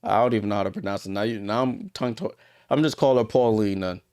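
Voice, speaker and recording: A man hosts a live game watchalong in a low-leaning voice, speaking fast as he chats with viewers and narrates plays in real time. He raises his volume on big moments, and the recording is dry and studio-clean.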